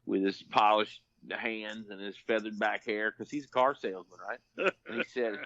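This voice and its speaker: A man's voice: fairly low pitch, steady tone, moderate pace, pushed and bright, no room sound, muffled recording. A man telling a rambling, folksy story on a podcast, full of restarts. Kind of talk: casual storytelling.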